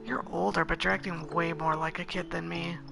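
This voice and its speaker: A woman's voice: on the low side, little pitch movement, brisk, creaky, over music, voice pushed down. A woman voicing a rude, sullen village boy who answers in curt, dismissive lines in a story game. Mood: scornful.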